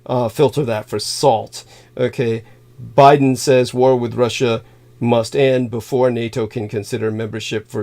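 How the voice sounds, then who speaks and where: A man hosting a livestream, rambling through thanks with many halting fillers, laughing suddenly and swearing now and then. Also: mid-range voice, vocal fry, darkish tone. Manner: halting, filler-heavy, reads donor thanks aloud. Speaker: livestream host.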